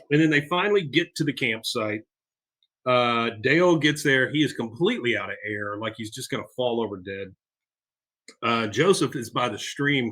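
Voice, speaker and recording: Guy recapping a tv episode on a podcast, bright forceful voice, lots of uhs. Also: mid-range voice. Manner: retells scenes with filler "uh"s and side jokes. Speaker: podcast co-host.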